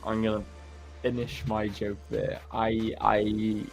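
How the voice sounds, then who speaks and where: A man's voice: lowish voice, monotone, slow, vocal fry, a little mellow, faint music behind. Joking British man on a livestream. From Britain. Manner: laughing, joking, banter. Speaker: livestream co-host. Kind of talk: casual chat.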